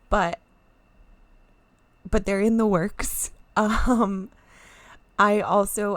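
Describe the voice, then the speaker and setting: Woman streamer thanking chat, kinda teary and rambly, bit of vocal fry, dry close mic. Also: medium pitch, no room sound. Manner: emotional, thanking viewers warmly, rambling. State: teary, near crying. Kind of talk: casual live-stream chat.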